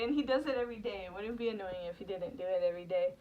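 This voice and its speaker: A woman's voice: medium pitch, rapid-fire, few pauses, warm tone. A woman co-hosting a casual wrestling review podcast, chatty and steering from topic to topic with lots of "like". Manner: chatty, leads the segments, frequent "like". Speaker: podcast co-host. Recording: distant mic with background noise.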